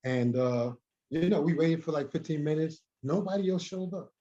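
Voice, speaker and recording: A man, a guest in an interview, telling a story in an animated way, often repeating and restarting words. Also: fairly high pitch, moderate pace. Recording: dull lo-fi recording.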